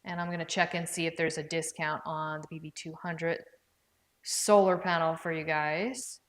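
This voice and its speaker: This woman's voice is low and steady, at a normal speed. She's a livestream product presenter at home with her dog, keeping things casual and chatty: reading comments out loud, naming viewers directly, and thinking aloud while she checks what things cost.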